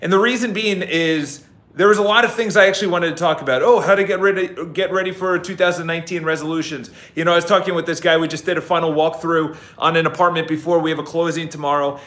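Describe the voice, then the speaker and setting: Man, blunt motivational vlogger with a high voice, recorded in an echoey empty office. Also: steady tone, quick pace, fairly bright tone. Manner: blunt, swears freely, repeats phrases for emphasis. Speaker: real estate agency founder. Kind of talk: casual motivational vlog. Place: empty office near a busy city square.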